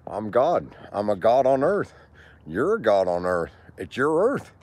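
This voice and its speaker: A man's voice: fairly low pitch, big pitch swings, unhurried, darkish tone. A man in his sixties streaming live from an outdoor park, rambling and preaching to his viewers with plenty of swearing. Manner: preachy, profane, talks to viewers and passers-by. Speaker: livestreamer.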